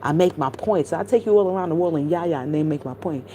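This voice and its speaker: Her voice is deep and she talks fast, rambling through profane, animated anecdotes for her live-stream chat in a casual commentary style. Slight background noise runs underneath.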